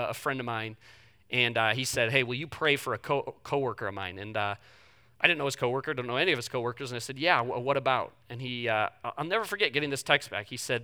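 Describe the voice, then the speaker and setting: Bright-voiced man preaching a sermon. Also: medium pitch, clean tone. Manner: conversational storytelling with humor, swinging between hushed and loud pleading. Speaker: pastor.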